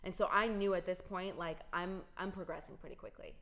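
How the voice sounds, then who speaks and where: A woman's voice: lowish voice, steady tone, brisk, a crowd in the background. A young adult woman telling a personal story to her viewers in a casual, emphatic way. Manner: emphatic, talks straight to viewers. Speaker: vlogger.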